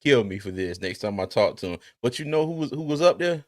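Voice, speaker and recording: Guy hosting a football stream, lively, laughing, reading comments off, normal pitch. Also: fast talker. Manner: animated, laughing, reads viewer comments aloud. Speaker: podcast host. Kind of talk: casual sports talk livestream. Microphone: streaming mic.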